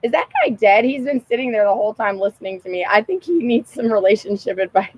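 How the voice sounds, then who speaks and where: A young woman vlogging outdoors, telling a rambling story in a casual, profane, animated way and laughing often. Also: mid-range voice, fast, breathy edge, rough recording.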